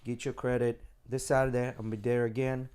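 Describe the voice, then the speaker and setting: A man's voice: mid-range voice, level tone, quick pace, a little mellow, smooth. Loose, swearing podcast co-host guy. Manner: loose, profane, explains things step by step. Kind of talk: casual podcast chat.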